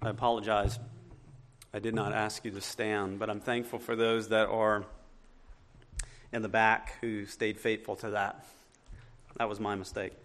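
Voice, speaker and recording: A man's voice: fairly low pitch, little pitch movement, measured pace, pauses often, fairly bright tone. A man with a Southern US accent preaching a sermon as a pastor, earnest and emphatic, often restarting his sentences.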